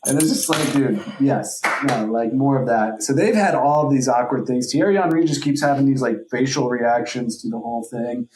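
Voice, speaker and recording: A man holds forth on a casual podcast, rambling with lots of filler words and plenty of profanity. His voice sits at a middling pitch. The room around him is noticeably echoey. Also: moderate pace, few pauses, noisy background. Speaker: podcast co-host. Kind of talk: casual chat.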